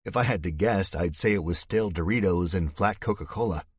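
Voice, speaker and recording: A man narrating a thriller audiobook in the first person, with a steady, measured delivery. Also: low-pitched, breathy edge, no echo, clean studio sound.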